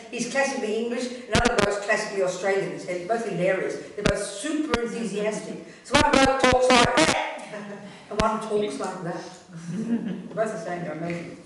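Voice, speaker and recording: A woman, a Buddhist nun, giving a blunt, emphatic and earthy teaching talk in a centre's hall. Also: medium pitch. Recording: echoey room, voice from a distance.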